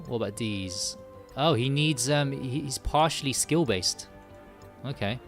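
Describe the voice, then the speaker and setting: A man's voice: medium pitch, measured pace, faint music behind. A man streaming a mobile game live, thinking aloud as he manages his characters and often correcting himself. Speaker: gaming streamer. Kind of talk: casual live-stream commentary while playing.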